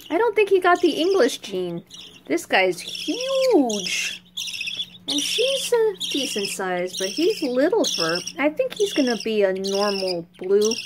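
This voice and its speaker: A woman's voice: medium pitch, heavy background noise. A woman filming her pet budgies at home, chatting casually and coaxing the birds in a soothing voice. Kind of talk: casual home vlog narration.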